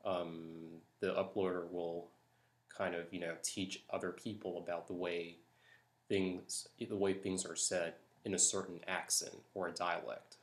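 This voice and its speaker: A man from Florida, talking softly and hesitantly late at night while doing a tag video. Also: deep voice, flat delivery, unhurried. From Jacksonville, Florida. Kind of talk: accent tag reading. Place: house at night.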